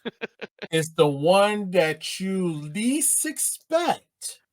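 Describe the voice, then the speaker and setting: A man's voice: high-pitched, very animated, drawn-out words. A man co-hosting a casual podcast chat, playful and teasing. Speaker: podcast co-host.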